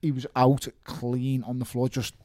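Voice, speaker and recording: A man with a Liverpool accent in casual interview chat, telling stories in an animated way and often saying "mate". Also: medium pitch, a little slow. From Liverpool, England. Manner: animated storytelling, frequent "mate", laughs. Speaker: interviewee, professional boxer.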